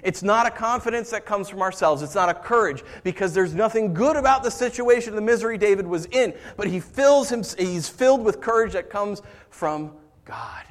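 A male pastor delivers a sermon in a voice pitched a little above most men. He tells stories softly and then rises into loud, impassioned preaching. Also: animated, brisk, hardly any pauses. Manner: swings from quiet storytelling to raised impassioned preaching.

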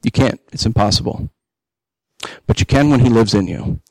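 Man, 30s, pastor mid-sermon, lively with humor, dry close mic. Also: medium pitch, moderate pace, creaky, no echo, low-quality recording. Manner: animated, jokey asides, rising emphatic peaks. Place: church hall.

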